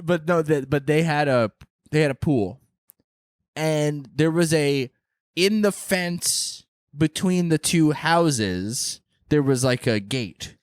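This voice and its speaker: A man's voice: a little high, slow, clean tone, no room sound, clean studio sound. A man co-hosting a podcast, telling stories in casual chat, swearing freely and laughing as he talks. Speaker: podcast co-host.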